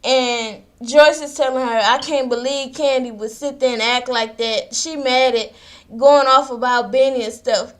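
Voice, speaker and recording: A high-voiced woman, chatting through a reality show recap. She talks loosely and slangily and slips into quoted voices as she retells the scenes. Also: fairly even intonation, a little slow. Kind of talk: casual episode recap.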